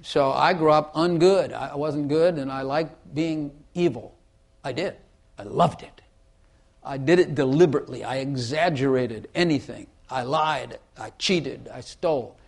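A man's voice: mid-range voice, unhurried, vocal fry. A man teaching the Bible in casual conversation, emphatic, repeating phrases for effect and playing with inflection to make his points.

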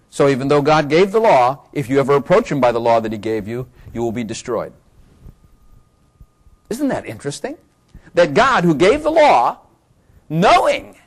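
A man preaching a sermon in a conversational way, chuckling often and building to excited, emphatic bursts. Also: mid-range voice. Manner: chuckling, playful asides, rising to excited emphasis.

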